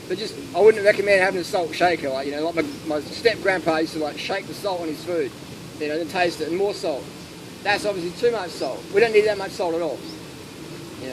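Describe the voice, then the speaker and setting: A man with a high, light voice chats casually through an audience Q&A, spinning lively anecdotes and voicing the people in them. The outdoor recording is full of steady background noise. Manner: anecdotal, animated, acts out quotes. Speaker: speaker answering audience questions. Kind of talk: casual Q&A talk. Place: outdoor festival.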